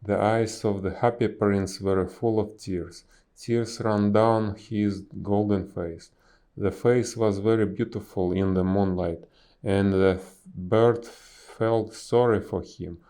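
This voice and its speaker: A man reading a children's story aloud, slow and careful, with small slips and restarts. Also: on the low side, fairly even intonation, warm tone.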